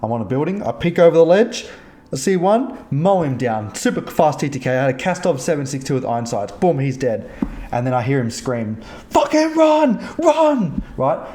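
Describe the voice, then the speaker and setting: A man hosting a gaming podcast, telling stories in a casual, profane and animated way. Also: mid-range voice, fairly quick, roomy sound. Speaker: podcast host. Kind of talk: casual chat, storytelling about gaming. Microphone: streaming mic.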